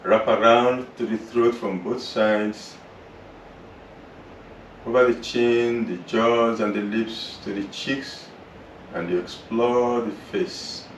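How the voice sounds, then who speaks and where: A man with a lowish voice leads a yoga class through a slow body scan and breathing work, soothing and unhurried. He sounds roomy and set back from the mic, with a faint hiss underneath. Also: fairly even intonation, far from the mic. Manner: slow, soothing, drawn-out guidance. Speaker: yoga teacher. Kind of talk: guided relaxation and yoga instruction.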